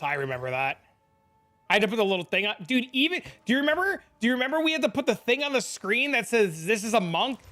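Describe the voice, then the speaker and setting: A young man streaming a game, chatting casually, excitable and swearing freely as he reads chat aloud. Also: fairly high pitch.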